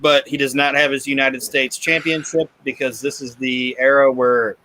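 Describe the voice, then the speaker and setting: Bright-voiced man chatting casually. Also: medium pitch, little pitch movement, normal speed, slight background noise, low-quality recording. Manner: swears freely, laughs often. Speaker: podcast co-host. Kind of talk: casual chat recapping wrestling.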